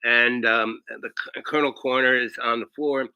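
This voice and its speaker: Man, rambling comic anecdote, bright voice, dry close sound. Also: medium pitch, fairly even intonation, moderate pace, smooth, no room sound, rough recording. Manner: rambling, tags lines with "right?". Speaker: storyteller.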